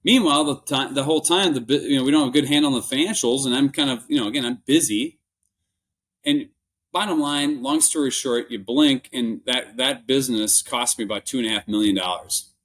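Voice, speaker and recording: A man's voice: medium pitch, a little fast, a bit bright. Earnest Minnesotan man, rambling. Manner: earnest and rambling, many restarts and fillers. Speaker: podcast guest, business buyer. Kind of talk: candid interview storytelling.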